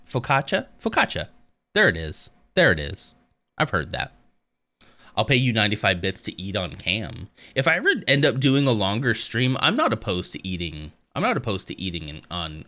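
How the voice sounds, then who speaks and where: Bright-voiced man chatting to his stream. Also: lowish voice. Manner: rambling, self-deprecating, laughs often. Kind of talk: casual chat with live chat.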